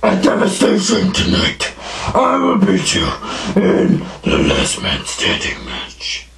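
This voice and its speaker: A man doing a gravelly, gloating wrestler villain. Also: sits high, wildly swooping pitch, slow, a bit bright, pitched above the performer's own voice, heavily acted. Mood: menacing. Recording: echoey with faint music behind.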